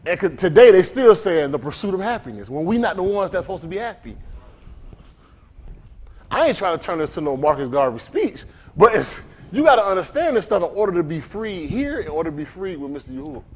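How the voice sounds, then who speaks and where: Casting: animated male preacher, high and lively delivery, asks the room. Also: brisk. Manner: animated, calls out to the congregation. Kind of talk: sermon.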